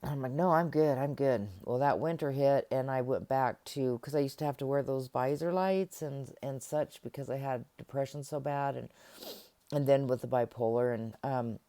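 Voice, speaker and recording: A woman's voice: extremely low pitch, steady tone, moderate pace, dark tone. A middle-aged woman giving a casual self-help talk to camera, acting out remembered conversations as she goes. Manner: conversational, acts out remembered dialogue.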